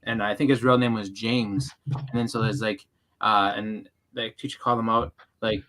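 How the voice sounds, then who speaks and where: A channel host and comic collector from the Boston area tells rambling stories in a casual group chat, acting out quotes as he goes. His voice is fairly low, steady, and fairly bright, and he speaks a little fast.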